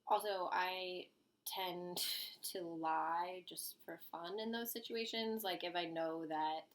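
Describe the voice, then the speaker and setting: A woman's voice: lowish voice, steady tone, slow. A young woman telling a story to the camera in a chatty, amused way, full of fillers and asides. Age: young adult.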